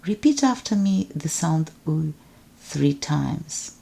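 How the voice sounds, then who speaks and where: A woman teaching alphabet pronunciation, speaking deliberately and enunciating each sound so it can be repeated. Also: deep voice, animated, vocal fry, warm tone. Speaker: language teacher. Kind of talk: slow instructional narration.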